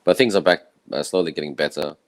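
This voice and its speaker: A man from Malaysia with a croaky, tired voice, giving an earnest, rambling personal talk from home. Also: very deep voice, fast talker, dry recording, poor audio. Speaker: event speaker. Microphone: own camera and microphone setup.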